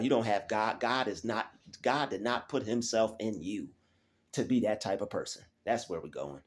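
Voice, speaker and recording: A man's voice: mid-range voice, darkish tone. Man, casual motivational monologue, streetwise slang, repetitive, preachy. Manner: preachy encouragement. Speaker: motivational vlogger.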